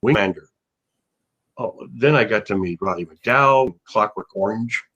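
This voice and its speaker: A man's voice: fairly low pitch, normal speed, a bit bright, lo-fi sound, a little hiss or hum. An older man, an actor, telling rambling, anecdotal stories in a casual interview, with many restarts.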